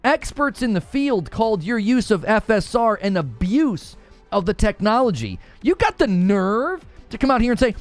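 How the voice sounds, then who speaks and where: A man's voice: very high-pitched, very animated, moderate pace, no room sound, soft background music. A man co-hosting a gaming news show, ranting in an exasperated, sarcastic way. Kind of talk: heated gaming podcast rant.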